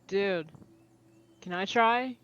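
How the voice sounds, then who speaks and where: A man's voice: sits high, extremely slow, a bit bright, muffled recording, a little hiss or hum. A man playing a tabletop game who keeps pleading and nagging in a whiny, insistent way. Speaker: player.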